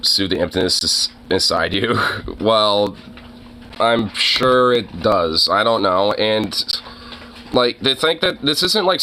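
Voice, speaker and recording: A man's voice: fairly low pitch, sharp tone, a little hiss or hum. A man streamer giving rambling, casual commentary on clips, with many fillers, swearing and laughs. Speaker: streamer reacting to videos.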